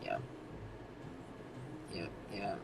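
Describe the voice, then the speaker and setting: A man's voice: extremely slow, very noisy. A man from Massachusetts chatting casually, laid-back and slangy, swearing and laughing often. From Massachusetts, near Boston. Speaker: podcast co-host. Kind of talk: casual chat.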